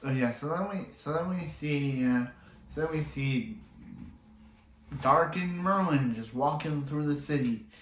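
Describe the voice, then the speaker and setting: A man's voice: fairly high pitch, unhurried, reverberant, a little hiss or hum, poor audio. A man casually recapping a TV episode, rambling and restarting his sentences often as he quotes the characters in passing. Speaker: TV episode reviewer.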